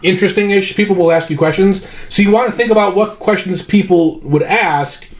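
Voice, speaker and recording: Man, fairly high voice, laid-back profane explainer, podcast chat. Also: a little fast. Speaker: podcast co-host. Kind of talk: casual chat, explaining tips.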